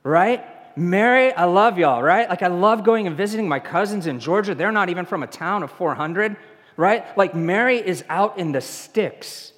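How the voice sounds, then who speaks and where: A man's voice: high-pitched, animated, normal speed, fairly bright tone, in a large hall. A man from the American South with a Southern accent, a pastor preaching a conversational sermon and asking the congregation questions. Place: church sanctuary.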